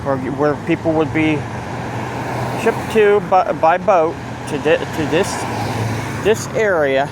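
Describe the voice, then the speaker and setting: Central pennsylvania guy walking around town talking slow into his phone, kinda high voice, rambles and restarts, faint traffic behind. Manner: rambling, restarts often, points things out as he walks. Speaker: local walking-tour vlogger. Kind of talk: casual walking narration. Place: outdoors on a town street with passing cars. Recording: faint street noise outdoors. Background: traffic and street noise.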